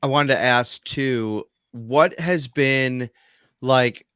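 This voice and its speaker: A man's voice: mid-range voice, extremely slow, fairly bright tone, smooth, no room sound, studio quality. A man co-hosting a podcast, asking long, winding questions in casual chat. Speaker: podcast co-host.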